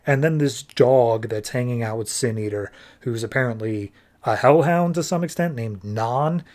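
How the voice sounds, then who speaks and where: A man's voice: medium pitch, darkish tone. Casual man recapping a comic. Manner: casual, quick paraphrasing of characters with loose voices. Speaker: comic book podcast host.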